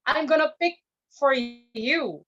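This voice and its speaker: At an online speech club, a woman from the Philippines, an English speaker whose first language is not English, gives a careful, teacherly evaluation of grammar and pronunciation. Her voice sits high and she speaks slowly. The video call audio is dull and lo-fi.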